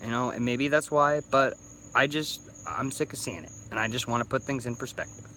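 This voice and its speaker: Man, 30, slightly drunk YouTuber ranting on his phone, bright and tense voice, lots of restarts. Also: mid-range voice, brisk, a little hiss or hum. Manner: rambling, stumbling restarts, swearing. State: a little drunk. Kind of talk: casual ranting vlog.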